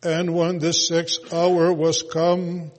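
A man reading scripture aloud in a solemn, slow, almost chanted way, with occasional hesitant pauses. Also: on the high side, monotone. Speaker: scripture reader. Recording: long hall reverb.

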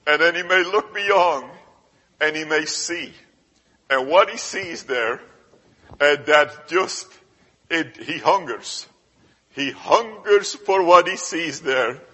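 A man preaches to his congregation in a church, his slightly high voice carried on a long hall reverb. He speaks very slowly and deliberately. He swells into loud, lifting phrases, then sinks to hushed, earnest ones. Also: animated, breathy edge. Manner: slow, emphatic preaching with swelling rises and hushed drops. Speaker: pastor. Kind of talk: sermon.

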